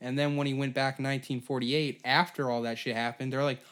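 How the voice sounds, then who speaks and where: A man's voice: mid-range voice, little pitch movement, quick pace, fairly bright tone. Profane man riffing on history. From Canada. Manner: profane, rambling, jokey asides and silly quoted voices. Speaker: podcast host. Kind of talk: casual comedic history podcast.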